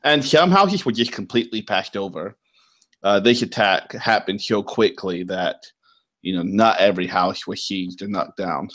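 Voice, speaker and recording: A man narrating as game master of a tabletop role-playing game, explaining at length with many pauses and fillers. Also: lowish voice, a bit bright. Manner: unhurried, filler-heavy explaining.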